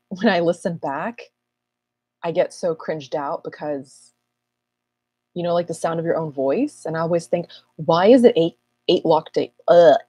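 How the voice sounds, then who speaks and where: Woman host of a live astrology Q&A; low, slightly husky voice, loose rambling delivery, dry recording. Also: a little mellow, dry recording. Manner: chatty, rambling, self-mocking. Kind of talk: casual livestream chat.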